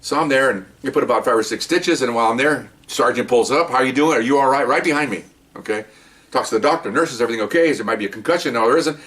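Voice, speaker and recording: A man's voice: mid-range voice, fast talker, fairly bright tone, far from the mic. An older man, a retired police officer, tells rambling stories in a casual monologue, often repeating words and asking "okay?".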